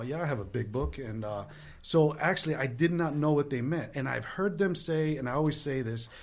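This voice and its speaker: Brief: man, mid pitch, candid storyteller, self-deprecating, earnest. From Latin American heritage. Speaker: guest sharing recovery story.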